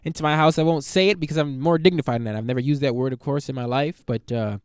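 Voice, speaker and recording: A man's voice: mid-range voice, fast talker, clean tone, dry recording, studio quality, voice pushed down, natural voice. A man voicing an indignant, bigoted middle-aged white father who sputters in outrage at his daughter. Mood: outraged.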